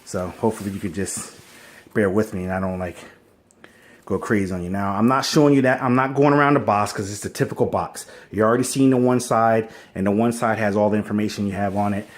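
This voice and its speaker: Laid-back, low-voiced man unboxing. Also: fairly even intonation, quick pace. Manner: laid-back, rambling, slangy. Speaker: unboxing vlogger. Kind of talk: casual unboxing chat. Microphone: phone on a wobbly stand.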